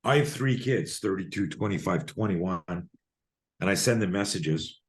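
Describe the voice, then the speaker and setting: A man's voice: deep voice, normal speed. A man in his fifties, a fear and self-defense coach, telling stories in a podcast interview and acting out both sides of the conversations. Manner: animated storyteller acting out dialogues.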